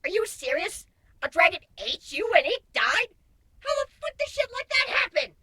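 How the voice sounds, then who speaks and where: A man's voice: extremely high pitch, sing-song, normal speed, pushed and bright, no room sound, pitched above the performer's own voice, full character voice. A man voicing a sarcastic male shapeshifter in a wry, mocking tone, in a storybook reading.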